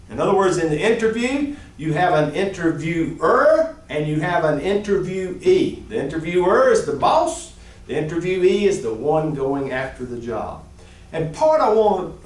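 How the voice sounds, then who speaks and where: A middle-aged man teaching a job-skills class in an animated way, his voice swinging up and down. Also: sits high. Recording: echoey room, distant mic.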